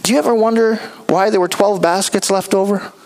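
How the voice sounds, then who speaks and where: A pastor preaching a sermon, telling the story with animated delivery and acting out the characters. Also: male voice, high-pitched, brisk, poor audio.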